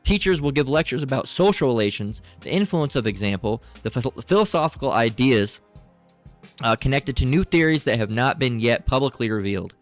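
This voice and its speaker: A middle-aged man rants crudely and profanely, rambling and reading passages aloud between asides. His voice sits in a plain middle pitch, with faint music behind him. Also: animated, brisk. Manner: crude, profane, rambling, frequent fillers and "right?". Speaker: channel host. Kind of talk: ranting commentary, reading aloud.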